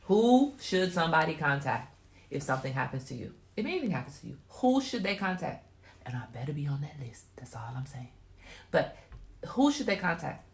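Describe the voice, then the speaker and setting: A woman hosts a casual livestream, chatting emphatically and offering her viewers motherly advice. Her voice sits low and sounds very animated, moving at a fairly quick clip. The recording has a roomy echo.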